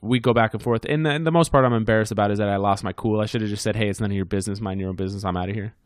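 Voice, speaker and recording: A man's voice: on the low side, racing, no room sound, clean studio sound. A man co-hosting a casual podcast, telling a heated story with lots of swearing. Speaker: podcast co-host.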